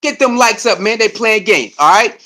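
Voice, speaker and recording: High, bright, fired-up male streamer. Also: normal speed. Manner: loud, excitable, repetitive, swings between shouting and muttering; reads out and answers chat comments. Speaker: livestream host. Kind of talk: fired-up live stream rant.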